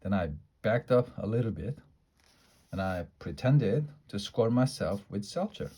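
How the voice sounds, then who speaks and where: Playful low-voiced man reading a storybook. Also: a little slow, breathy edge. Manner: lively, playful character voices in a child's first-person story. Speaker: storybook reader. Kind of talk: reading a children's book aloud.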